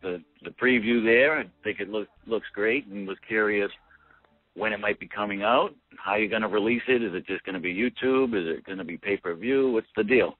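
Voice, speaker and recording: A man with a Boston accent calling in to a radio show, friendly and relaxed. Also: on the low side, brisk, dry recording. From New England. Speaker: caller. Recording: dry phone-line sound.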